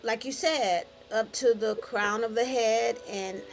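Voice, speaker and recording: A woman's voice: on the high side, takes it slowly. A woman hosting a conversational interview, encouraging her guest with frequent affirmations. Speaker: podcast host.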